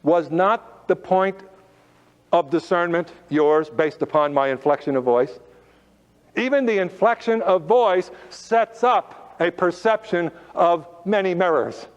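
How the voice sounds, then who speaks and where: A man giving a motivational talk to a live audience, firing rhetorical questions and drawing out his key phrases. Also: sits high. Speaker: motivational speaker. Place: auditorium. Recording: lo-fi recording with long hall reverb.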